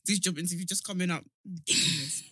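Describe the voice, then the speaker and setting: A woman's voice: lowish voice, fairly even intonation, quick pace, pushed and bright, breathy edge, dry recording. A woman co-hosting a podcast in casual chat, teasing and laughing often. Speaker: podcast co-host.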